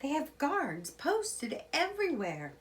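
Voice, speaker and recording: A woman voicing an eager, cheerful little male mole in a children's storybook, with squealing excitement. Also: high-pitched, slow pace, voice pushed up, exaggerated voice.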